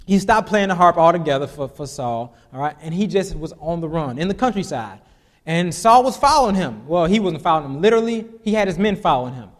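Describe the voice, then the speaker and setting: A man's voice: fairly high pitch, lively intonation, fairly quick, in a large hall. A man preaching a casual sermon, reading scripture aloud and adding chuckling, conversational asides.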